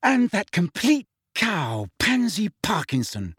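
A sharp, clever teenage girl witch with a crisp, cutting delivery, voiced by a man. Her pitch sits raised and the sound is dry and close. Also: very animated, unhurried, dry recording, exaggerated voice. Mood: indignant. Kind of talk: audiobook character voice.

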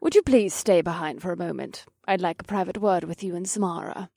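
A man's voice: sits high, a little fast, creaky, a little mellow, no echo, clean studio sound, voice pushed up. A man voicing a composed, commanding female headmistress in a storybook reading, speaking in a formal, authoritative way.

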